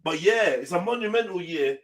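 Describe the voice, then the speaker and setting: A man's voice: sits high, animated, brisk, heavy background noise. A man hosting a live online panel show, hyping the audience and teasing his guests in casual banter. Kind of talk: casual live-stream chat.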